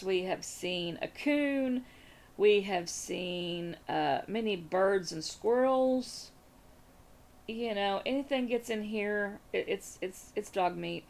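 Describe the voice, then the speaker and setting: A woman's voice: mid-range voice, creaky. A Southern American woman chatting casually as a crafting vlogger, rambling through a story and repeating phrases.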